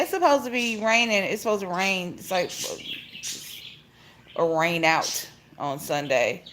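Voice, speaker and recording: A middle-aged woman, chatting casually on a phone livestream from home and greeting each viewer with a high "hey". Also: bright, forceful tone, a little hiss or hum. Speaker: vlogger hosting a phone livestream. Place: at home, indoors. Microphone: phone held at arm's length. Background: pet birds chirping.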